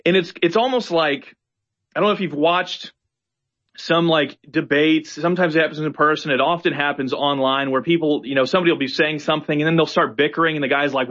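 A man in casual conversation, talking in an animated way and acting out exasperated quotes. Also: on the high side, fast, muffled recording.

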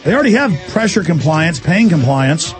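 A man hosting a call-in radio show, ranting fast and indignantly and mocking officials in put-on voices. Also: a little high, very animated, soft background music. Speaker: radio talk show host.

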